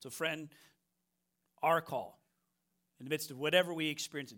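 Middle-aged American male pastor, bright and a touch high, emphatic sermon style. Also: normal speed. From United States. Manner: emphatic, repeats phrases, frequent "right?".

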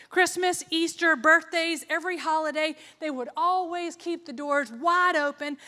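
Young woman, earnest testimony speaker, bright tone, long reverb of a hall. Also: sits high. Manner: earnest, emotional, with sarcastic asides. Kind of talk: personal testimony talk.

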